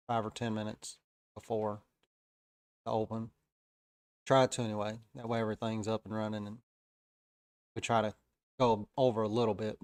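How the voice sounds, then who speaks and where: A man's voice: fairly low pitch, darkish tone, clear, resonant tone, no room sound. A man with a Southern US accent casually commenting on live trades, easygoing and chatty with frequent "uh" fillers. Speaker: day-trading live-stream host.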